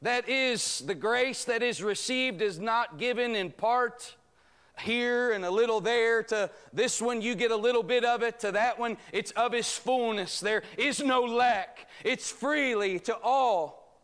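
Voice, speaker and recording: A man's voice: very high voice, measured pace, a bit bright, clean tone. A man teaching a church Bible study, preaching emphatically and drawing out amens from the congregation. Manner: emphatic, rhetorical preaching with calls of amen. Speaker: pastor. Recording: church sanctuary recording.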